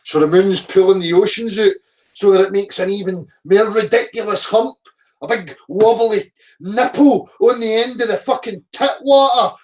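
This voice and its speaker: A man's voice: sits high, moderate pace. A middle-aged man, ranting profanely at viewer comments, abrasive and mocking. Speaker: flat earth video commentator. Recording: voice a bit distant from the mic.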